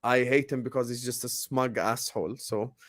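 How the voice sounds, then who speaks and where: A young man, ranting in a heated casual podcast chat, repeating his lines and swinging from loud to low. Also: steady tone, moderate pace. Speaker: co-host.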